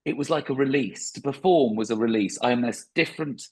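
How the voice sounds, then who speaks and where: A man's voice: medium pitch, fairly quick, slightly rough. A man, a stand-up comedian, talking reflectively in a podcast interview with frequent restarts.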